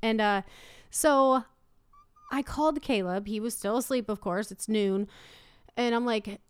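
A woman's voice: on the high side, unhurried, long pauses, smooth, no echo, clean studio sound. A woman in her thirties, a mother chatting casually, telling a story and quoting herself. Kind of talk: casual chat.

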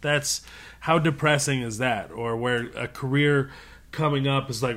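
A man talks as a comedian guest in an unscripted interview. His voice sits at an ordinary middle pitch, and he tells his stories with animation, laughing often as he goes. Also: a little slow, a bit bright. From Middle East. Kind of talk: casual interview conversation.

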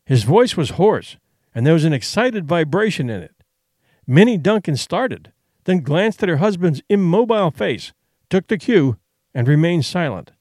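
A man narrating a classic adventure story in a measured, expressive storytelling manner. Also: fairly high pitch, no echo, clean studio sound. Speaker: audiobook narrator.

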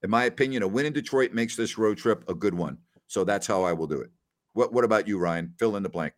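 A man hosting a casual post-game livestream, animated as he reads out viewer comments. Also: fairly low pitch, fast talker. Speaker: podcast host.

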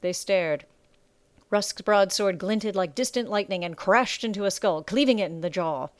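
A woman narrates a story in a measured, dramatic way. Her voice is smooth and clear, sitting at a middle pitch. The sound is dry and close, with no room around it. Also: no echo. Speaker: audiobook narrator. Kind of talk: scripted narration.

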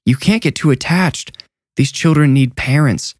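A man's voice: a little high, unhurried, no echo, studio quality, voice pushed up. A man voicing a middle-aged orphanage headmistress who pleads urgently and tenderly through a door. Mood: pleading.

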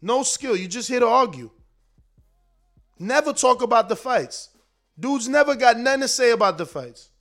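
Casting: high-pitched male streamer, fiery profane boxing rant, slangy. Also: animated, a bit bright, soft background music. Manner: heated, profane, slangy, rapid. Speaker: boxing commentator, show host. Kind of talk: casual livestream rant.

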